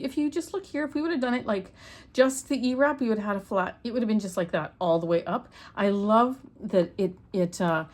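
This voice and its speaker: A middle-aged woman from Canada giving a homey, step-by-step loom knitting tutorial as she works. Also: mid-range voice. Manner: chatty, homey, talks step by step while working. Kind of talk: hands-on craft tutorial.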